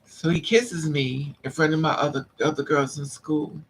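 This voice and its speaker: A woman vlogger telling a story in a casual, animated way, repeating lines for emphasis and acting out what men said to her. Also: deep voice, normal speed, slight background noise, poor audio. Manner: acts out the men's lines in quotes.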